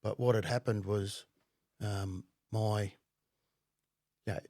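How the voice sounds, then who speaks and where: Low-voiced blunt man, swearing. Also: fairly even intonation, mellow, no room sound, studio quality. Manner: blunt, frequent swearing, halting with many fillers. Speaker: podcast guest, former undercover cop. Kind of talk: casual conversational storytelling.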